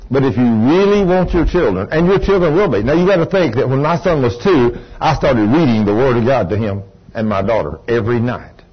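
An older man with a drawl preaches to a congregation, his husky voice rising and falling with animated swings. He tells stories with emphatic bursts. The recording is dull and lo-fi. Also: mid-range voice, a little fast. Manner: emphatic, storytelling preacher with sudden exclaims. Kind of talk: sermon with personal story. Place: church room with congregation.

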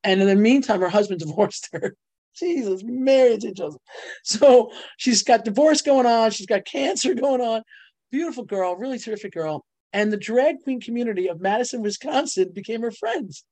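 A middle-aged woman, a publisher and ghostwriter, telling stories as an interview guest, laughing often and jumping up in pitch on her punchlines. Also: lively intonation, normal speed, mellow, no echo. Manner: bubbly storyteller, laughs often, voice jumps up on punchlines. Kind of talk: animated casual interview talk.

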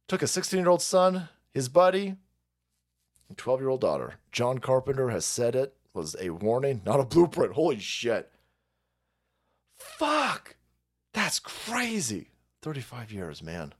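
A foul-mouthed man in middle age hosts a live stream, his pitch rising and falling a great deal as he rants. He rambles and mocks, then stops to thank viewers for their donations. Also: sing-song, normal speed, a little mellow. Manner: reads donor messages aloud. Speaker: livestream host. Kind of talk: profane political rant and chat reading.

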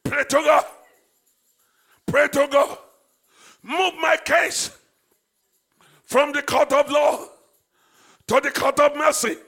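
Male pastor, shouted fervent prayer, gravelly and very high. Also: fairly even intonation, takes it slowly, pauses often. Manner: shouted, fervent praying with repeated phrases. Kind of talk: sermon, leading congregational prayer. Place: church service.

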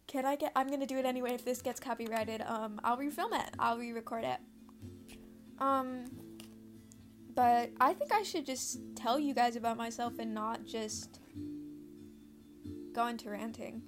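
A woman's voice: fairly high pitch, moderate pace, pauses often, soft background music. A teenage girl hosting a casual home podcast, rambling, swearing freely and easily losing her train of thought. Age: teens. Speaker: podcast host.

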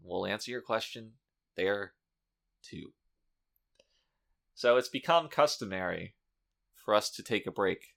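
A man's voice: on the low side, lively intonation, measured pace, gravelly, pauses often, fairly bright tone. A man co-hosting a podcast in casual chat, talking with dry, sarcastic humor. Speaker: podcast co-host.

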